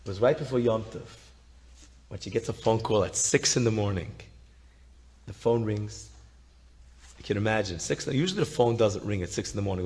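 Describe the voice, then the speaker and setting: A man telling a story, animated, swinging between loud emphasis and soft hushed lines. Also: lowish voice. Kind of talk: spoken storytelling.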